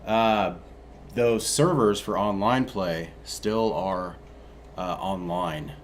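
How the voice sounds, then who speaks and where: A man's voice: low-pitched, slow, a little hiss or hum. A young man co-hosting a gaming news chat, laid-back and blunt, swearing freely. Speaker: co-host.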